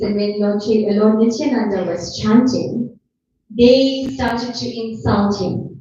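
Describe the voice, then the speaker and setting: A woman's voice: on the high side, a little mellow. A woman giving a devotional talk, retelling stories in an earnest, pleading way and repeating phrases for emphasis. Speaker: speaker at a devotional gathering. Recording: distant, dull, echoey hall recording.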